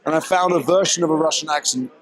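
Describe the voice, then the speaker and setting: Fast-talking man, articulate and thoughtful. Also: on the high side. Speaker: actor interviewed as guest. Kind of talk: red carpet interview answers. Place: red carpet premiere event.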